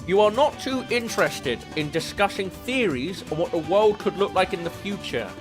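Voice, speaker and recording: A man's voice: sits high, lively intonation, normal speed, over music. A young English man streaming as a VTuber, chatting casually and laughing as he reads quiz questions aloud. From England.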